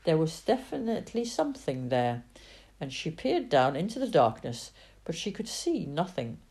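A woman reading a children's story aloud in an expressive, dramatic way. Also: low voice, normal speed. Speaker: narrator.

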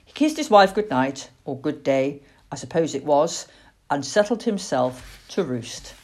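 A woman reading a children's storybook aloud, expressive, with little asides. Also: low-pitched, unhurried. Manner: expressive and warm-paced, with asides.

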